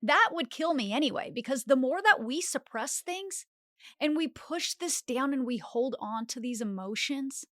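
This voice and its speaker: Animated woman, higher pitch, dry mic. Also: moderate pace, no echo. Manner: animated, acts out inner voices with filler "like". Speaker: podcast host. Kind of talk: motivational self-help monologue.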